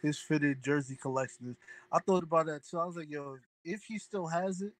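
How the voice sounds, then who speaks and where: Laid-back slangy podcast guest. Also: male voice, fairly high pitch, fairly quick, no room sound, low-quality recording. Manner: laid-back slangy talk, often trails off quietly. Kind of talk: casual chat.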